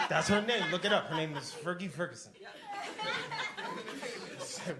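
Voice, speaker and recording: A young man works the crowd in a basement comedy club, loose and rambling, with plenty of profanity. His voice sits a touch high. The room is echoey, and loud audience laughter rolls under him. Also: moderate pace, very noisy. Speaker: stand-up comedian. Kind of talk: stand-up set with crowd work.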